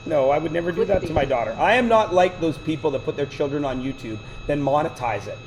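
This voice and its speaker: A man's voice: fairly high pitch, quick pace, slight background noise, poor audio. A man teaching math to a class, lecturing with chatty, joking side stories. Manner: chatty, digressive, joking asides.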